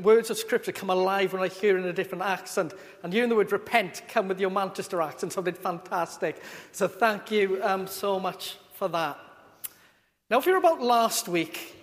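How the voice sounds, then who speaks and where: A man with a notably high voice preaches a sermon, talking in a chatty, joking, informal way. His voice rings with the long reverb of a church. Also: fairly bright tone.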